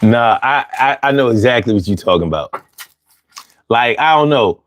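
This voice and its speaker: A man hosting a call-in talk show in AAVE, animated and joking with plenty of profanity. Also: mid-range voice, moderate pace, dry recording.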